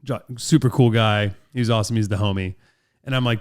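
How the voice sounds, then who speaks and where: Guy in his 30s hosting a chat, smooth clear voice, animated storyteller. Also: fairly low pitch, fast talker. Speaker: interviewer and host. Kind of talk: casual interview chat.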